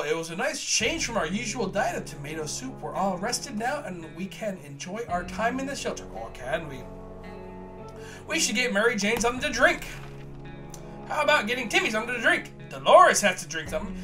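A man's voice: high-pitched, big pitch swings, moderate pace, music in the background. A man hosting a let's play of a survival game, reading its text aloud with mock drama and joking at his own slips. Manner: jokey, reads game text with mock drama, laughs at himself.

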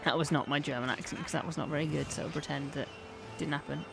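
A man hosting a gaming channel, giving excitable let's-play commentary and yelling at the game. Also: a little high, quick pace, gravelly, very noisy.

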